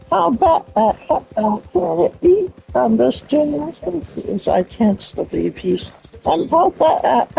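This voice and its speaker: A woman's voice: high voice, very animated, takes it slowly, creaky, mellow, a little hiss or hum, rough recording. A woman giving silly, sing-song commentary while playing a video game, repeating phrases playfully. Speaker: gameplay streamer.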